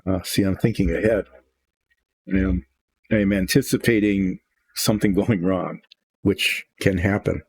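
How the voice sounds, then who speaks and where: An older miniature painter with a low, gravelly voice talks through his model painting in a relaxed, rambling way. He thinks aloud, drifts into musings and restarts sentences, keeping a measured pace with frequent pauses.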